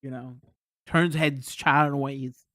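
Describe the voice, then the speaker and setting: A British man chatting casually on a live stream, rambling and excitable, swearing freely as he talks to his chat. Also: mid-range voice, takes it slowly, dry recording.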